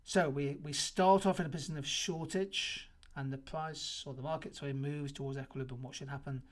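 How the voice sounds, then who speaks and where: A man's voice: a little high, fairly even intonation, a little fast. A man teaching an economics revision lesson, walking through multiple choice answers in an explanatory manner and stressing the key points. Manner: explanatory, emphatic on key answers, occasional restarts.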